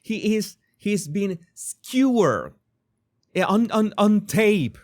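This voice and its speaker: A native Spanish speaker with a Spanish accent hosts a commentary channel, speaking casually and animatedly while often stammering and repeating words. His voice is high and his delivery slow.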